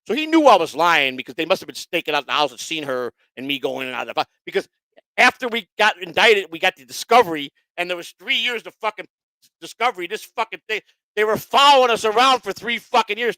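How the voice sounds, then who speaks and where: A man speaks in a rapid, pitched-up rush, bluntly telling his own story as a guest. He swears constantly and slips into the voices of the people he quotes. His voice sounds close and dry. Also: expressive, pushed and bright, no room sound. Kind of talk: casual profane storytelling.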